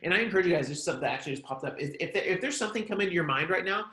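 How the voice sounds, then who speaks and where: A pastor gives a casual online sermon, speaking conversationally and filling his talk with "like" and "um." His voice is high-pitched, pushed, and bright, with lively intonation and a rapid-fire pace, and the sound is reverberant.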